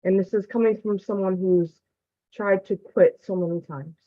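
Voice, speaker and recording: Speaking at normal speed in a steady, medium-pitched voice, a woman student member gives an earnest testimonial on a group call, close to tears. The line is dry and tinny like a phone, with no echo.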